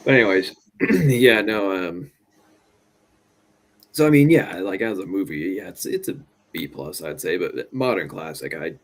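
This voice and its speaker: A man with a low, deep voice chatting about a movie on a casual podcast. His pitch swings widely as he talks, candid and opinionated, quick to laugh. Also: expressive. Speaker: podcast co-host. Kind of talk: casual movie review chat.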